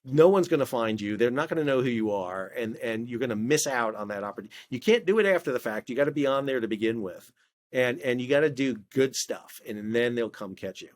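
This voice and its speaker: Middle-aged male guest, chatty anecdotal delivery with lots of stammered restarts, mid-pitched. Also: fast talker. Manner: animated storyteller, frequent stammered restarts. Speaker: podcast guest, maritime historian. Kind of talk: casual conversational interview.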